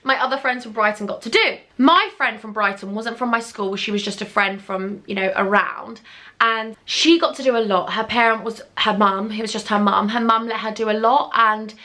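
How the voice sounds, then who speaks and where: Young woman, bright voice, gushing storytime chat, pet names. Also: a little high, moderate pace. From England. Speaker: beauty vlogger.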